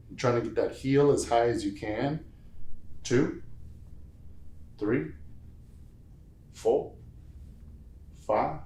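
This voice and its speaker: In an echoey room with slight background noise, a man with a mid-range voice leads a home strength workout. He's a fitness instructor giving guided instruction, counting each rep out loud and adding playful remarks along the way.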